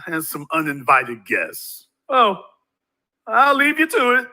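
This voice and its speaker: A man voicing an unbothered police officer who speaks casually and hesitantly, in a deadpan way. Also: sits high, takes it slowly, full character voice. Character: unbothered middle-aged male police officer.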